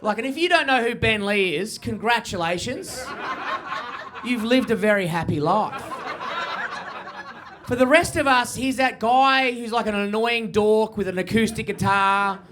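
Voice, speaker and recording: A man with an Australian accent performing a stand-up set into a handheld mic, with loose, high-energy storytelling. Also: a little slow, crowd noise. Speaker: stand-up comedian.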